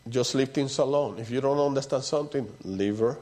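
A man preaching a sermon in a conversational way, dropping to soft low asides and rising for emphatic points. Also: brisk. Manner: conversational preaching with repeated "you know" and "see".

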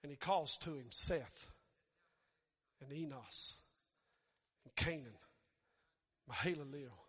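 A man preaching a storytelling sermon who builds to shouting fervor. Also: medium pitch, slow pace, husky, big-room sound.

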